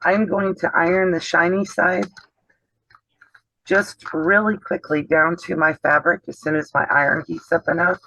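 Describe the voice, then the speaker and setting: Hosting a casual sewing demonstration on a video call, the man behind a sewing channel is chatty and explanatory, often trailing off partway through sentences. He speaks a little slowly in a high-ish voice with little pitch movement, sounding pushed and bright. The dull, dry video call audio has no room sound.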